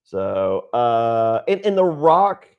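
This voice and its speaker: Man, podcast co-host, animated storyteller, pitch swings widely, laughs often. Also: extremely slow, dull audio. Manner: lively storyteller, laughs often, does high squeaky voices for quotes. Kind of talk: casual wrestling chat.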